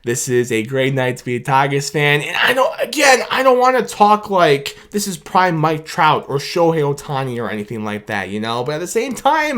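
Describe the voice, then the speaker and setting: A man's voice: on the high side, lively intonation, a little fast, hardly any pauses, fairly bright tone. A man talks straight to camera in an instant-reaction vlog. He rambles, repeats himself and laughs often as he gushes about his team. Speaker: sports fan YouTuber.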